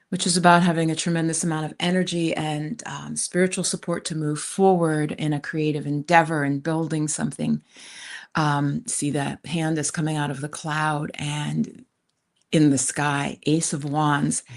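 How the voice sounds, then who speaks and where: A woman hosting a tarot live stream, chatting casually with viewers in a rented countryside room. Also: sits low. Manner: chatty, warm asides to viewers, frequent "you guys". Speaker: tarot reader, channel host.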